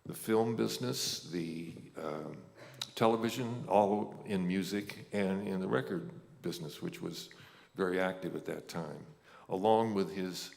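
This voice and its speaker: An older man giving a halting, reminiscing ceremony speech, with many pauses. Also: deep voice, vocal fry, darkish tone. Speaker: inductee presenter. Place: ceremony hall. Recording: hall reverb.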